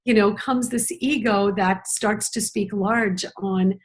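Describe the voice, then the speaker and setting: A woman's voice: medium pitch, fairly even intonation, takes it slowly. A middle-aged woman speaking as a parenting educator in a conversational conference talk, reflective and earnest, with many "you know" fillers.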